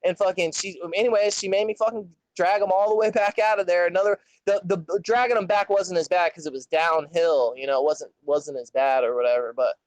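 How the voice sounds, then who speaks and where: A man's voice: high-pitched, a little fast, hardly any pauses, no room sound, rough recording. A young man telling a long story in casual chat, rambling and swearing constantly. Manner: profane, rambling, animated storyteller.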